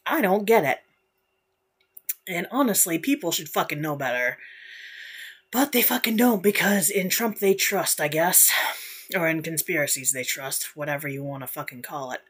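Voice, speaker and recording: A woman's voice: sits low, expressive, moderate pace, husky. A young woman hosting a casual solo podcast, ranting bluntly with lots of swearing and frequent laughter. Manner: profane, blunt, laughs often. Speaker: podcast host.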